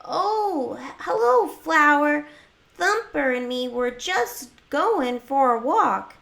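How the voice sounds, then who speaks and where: A woman's voice: high-pitched, animated, takes it slowly, creaky, voice pushed up, exaggerated voice. Bambi, a woman putting on a shy young fawn. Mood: shy, cheerful. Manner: soft, hesitant, stammering. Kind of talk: voice acting during a game livestream.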